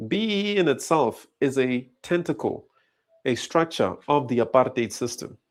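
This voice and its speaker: A man's voice: mid-range voice, lively intonation, moderate pace. A man giving indignant, emphatic reaction commentary.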